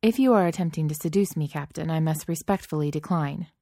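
A woman voicing a stiff, formal male alien science officer who speaks in a deadpan, precise way. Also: deep voice, brisk, no room sound, studio quality.

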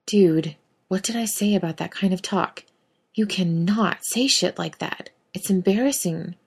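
A woman reading fan fiction aloud, voicing a gruff young male hunter who swears bluntly and fumbles for words. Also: medium pitch, unhurried.

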